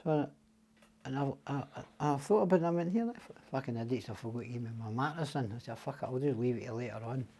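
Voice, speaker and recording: Older Scottish man as a podcast guest, dark mellow voice, salty storyteller who mimics the people in his tales. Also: mid-range voice, fast, husky. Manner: swears freely, acts out quoted voices. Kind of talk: casual storytelling.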